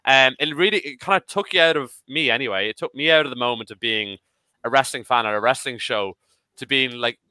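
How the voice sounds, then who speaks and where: A man of about thirty chatting as a podcast panelist, excitable and swearing casually. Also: mid-range voice, clear, resonant tone, no echo. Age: 30s. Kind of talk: casual chat.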